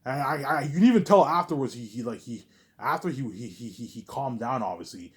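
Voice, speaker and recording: This young vlogger speaks in a medium-pitched, expressive voice at a fairly quick clip. Talking to the camera in a rambling monologue, he stammers and repeats himself before trailing off on a mumbled "obviously."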